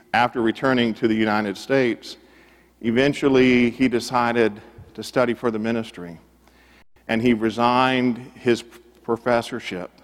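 Earnest preacher in a reverberant hall. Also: male voice, mid-range voice. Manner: earnest, repeats phrases for emphasis, drops to a hush at key moments. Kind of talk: sermon storytelling.

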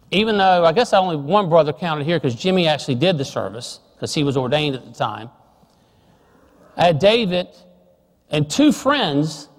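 A middle-aged man preaching a sermon, telling a family story and dropping soft and slow on serious points. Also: fairly high pitch, big-room sound.

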